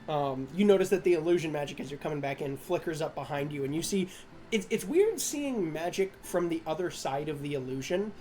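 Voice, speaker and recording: A man's voice: fairly high pitch, darkish tone, slight background noise. A man narrating as game master of a tabletop game, rambling with many fillers and restarts and laughing at himself.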